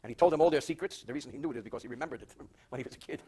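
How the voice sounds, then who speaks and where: An older man, a rabbi, teaching a Torah portion verse by verse, reading Hebrew slowly, translating, and adding dry wisecracks. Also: mid-range voice, darkish tone, breathy edge. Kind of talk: verse-by-verse Torah class with jokes.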